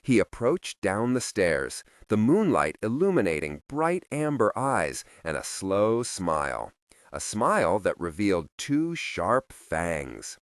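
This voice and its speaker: Slow, very expressive male narrator. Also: on the low side, no room sound, studio quality. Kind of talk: audiobook narration.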